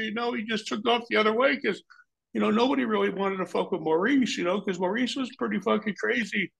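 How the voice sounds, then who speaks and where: A middle-aged man with a gravelly, somewhat high voice spins loose, profane anecdotes as an interview guest. He acts out other people's lines in a raised voice. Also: quick pace, a bit bright, low-quality recording. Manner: profane, rambling, acts out quoted voices higher. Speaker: former pro wrestler, interview guest. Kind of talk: casual anecdotal storytelling.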